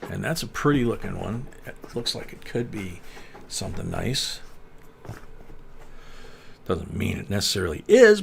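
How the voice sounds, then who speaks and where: A man in his sixties with a gravelly, fry-edged voice, casually chatting as host of a coin-searching livestream. He rambles, chuckles and fills gaps with "um". A faint hiss sits beneath him. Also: on the low side. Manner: rambling, chuckling, many fillers.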